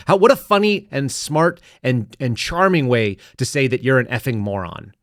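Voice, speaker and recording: A man's voice: mid-range voice, moderate pace, no echo, clean studio sound. A man hosting a podcast, delivering sarcastic, rambling political commentary with frequent restarts. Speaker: podcast host.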